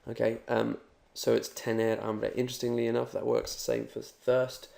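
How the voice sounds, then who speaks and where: Gravelly upbeat man teaching. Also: medium pitch, completely flat delivery, normal speed, a little mellow. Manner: upbeat, talks straight to the learner. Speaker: Spanish teacher. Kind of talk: recorded language lesson.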